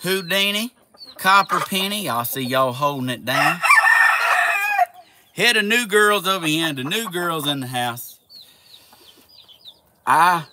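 A man with a drawl talks slowly and fondly to his farm animals, his pitch a bit high and very lively as he coos at them. He is outdoors, and loud clucking and crowing from chickens and roosters sit right behind his voice. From Southern United States. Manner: slow, doting, baby-talk to animals, drawling. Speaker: vlogger. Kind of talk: casual chat with animals. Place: outdoors among animal pens. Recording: loud outdoor background noise.

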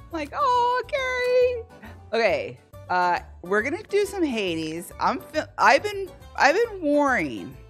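Playful woman slot streamer, voice jumps all over, quiet casino tunes in the back. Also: deep voice. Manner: chatty, playful, greets viewers by name. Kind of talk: casual live-stream chat with viewers. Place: at home. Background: faint slot game music.

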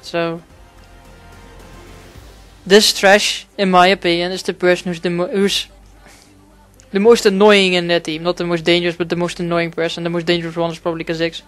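A man narrating his own gameplay in a loose, rambling way, swearing freely and padding his sentences with fillers. His voice is smooth and clean, but his pitch stays fairly level, with little rise and fall. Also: completely flat delivery, moderate pace, pauses often, fairly bright tone, faint music behind. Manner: rambling, profane, frequent fillers. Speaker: gaming commentator. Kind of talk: casual gameplay commentary.

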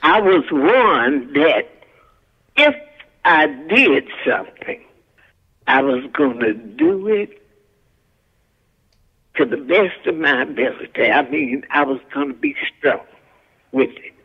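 A woman's voice: sits low, very animated, takes it slowly, pauses often, husky, muffled recording. An older woman, a guest actress and singer, telling stories from her career in a folksy, country-spoken way. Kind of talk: casual storytelling interview.

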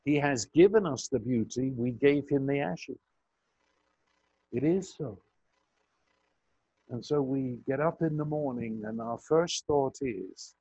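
An older man preaching a sermon slowly and emphatically, his pitch swinging high for emphasis. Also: mellow, husky, dry recording. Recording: muffled audio with buzz.

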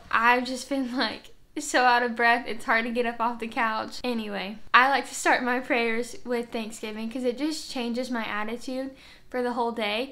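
A woman vlogger in casual chat to camera, earnest and chatty, filling her talk with "like.". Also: fairly high pitch. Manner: earnest, chatty, heavy use of "like". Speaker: faith vlogger. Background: soft worship music.

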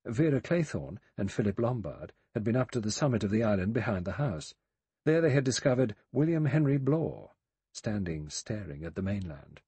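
Husky-voiced male audiobook narrator. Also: fairly low pitch, no echo. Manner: measured, even reading. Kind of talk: scripted narration.

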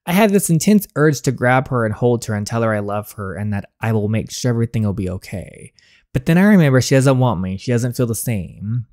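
A man reading the part of a guilt-ridden young man in love, narrating and pleading in a soft, earnest voice. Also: medium pitch, big pitch swings, brisk, no echo, studio quality, natural voice. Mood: sorrowful. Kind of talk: reading game narration aloud.

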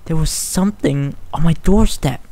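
A man's voice: on the high side, normal speed, mellow, pitched above the performer's own voice, natural voice. Brief: timid storybook pegasus mare, stammering whispers, read by a man. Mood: frightened. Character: timid young female pegasus pony, soft-spoken.

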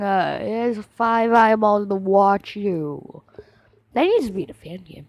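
Woman host, a bit sick, unhurried reaction commentary, bursts of excitement. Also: medium pitch. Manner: excitable, exclaims often. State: sick with a cough.

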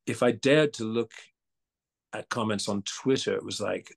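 Gravelly actor with a mixed accent. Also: male voice, fairly low pitch, moderate pace. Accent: mixed, partly Australian. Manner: animated, stammering restarts, laughs and mimics voices. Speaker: actor and guest. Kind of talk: casual interview chat.

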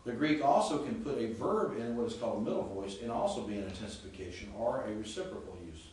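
A man's voice: lowish voice, lively intonation, fast, darkish tone. A man teaching a Greek class, explaining with frequent restarts and checking that students follow. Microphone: far camera. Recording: echoey classroom from far off with faint noise.

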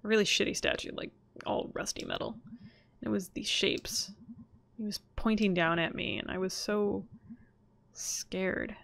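A woman voicing an anxious young adult female cat, reading game dialogue aloud in a halting, hesitant way. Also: mid-range voice, vocal fry, fairly bright tone, a little hiss or hum. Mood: shaken.

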